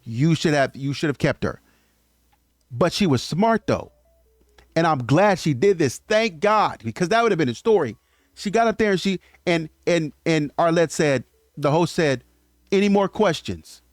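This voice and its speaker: Man, animated commentary, higher voice, dry close sound. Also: moderate pace, dry recording. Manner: animated, acts out quotes of others. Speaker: host. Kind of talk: casual commentary monologue.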